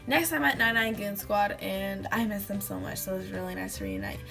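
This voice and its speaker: A woman's voice: mid-range voice, a little fast, creaky, music in the background. A woman vlogger chatting casually to camera, rambling with lots of fillers. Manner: rambling, fillers of "like", acts out quotes.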